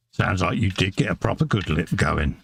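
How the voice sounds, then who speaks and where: A man's voice: deep voice, gravelly, breathy edge. A man chatting casually as co-host, giving dry, teasing short replies. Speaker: co-host of a live craft stream. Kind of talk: casual chat.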